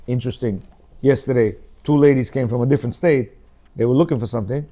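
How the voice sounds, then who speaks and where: A man's voice: medium pitch, lively intonation, quick pace, mellow. A middle-aged man from Uzbekistan with a Bukharian Jewish accent, giving an informal religious class and firing rhetorical questions at his listeners. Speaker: Torah class teacher.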